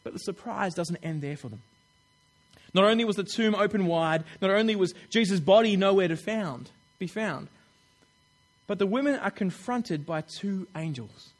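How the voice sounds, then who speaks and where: A man preaching a sermon in a chatty, animated way, acting out little quotes with laughs. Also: high-pitched, moderate pace.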